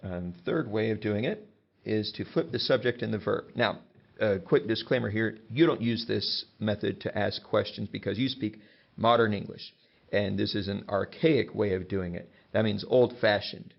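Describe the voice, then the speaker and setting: A man's voice: on the low side, moderate pace, vocal fry. A man teaching a grammar lesson, explaining patiently and working through example sentences. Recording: dull lo-fi sound.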